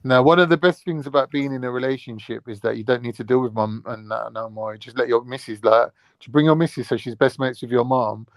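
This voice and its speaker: A man's voice: medium pitch, steady tone, fast, hardly any pauses, dry recording. A young man, chatting in a laid-back way on a podcast panel and acting out family quotes. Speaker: panel guest. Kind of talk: casual chat. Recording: dry, dull lo-fi sound.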